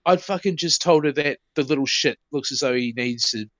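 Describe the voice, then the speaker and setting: A man's voice: on the high side, fairly quick, fairly bright tone, dry recording, lo-fi sound. A man, co-hosting a podcast and telling profane stories in casual banter. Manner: profane storytelling. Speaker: podcast co-host. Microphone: podcast mic.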